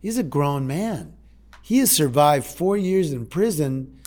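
A man in his sixties sharing a heartfelt personal story in a halting way, with repeated words and restarts. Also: on the high side, sing-song, darkish tone. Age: 60s. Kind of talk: personal testimony talk.

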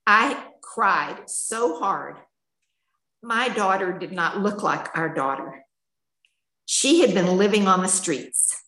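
A woman's voice: medium pitch, expressive, slow pace, bright, forceful tone, reverberant, rough recording. An older woman telling her personal story at a recovery meeting, candid and emotional, in a chatty storytelling manner. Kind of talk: personal testimony.

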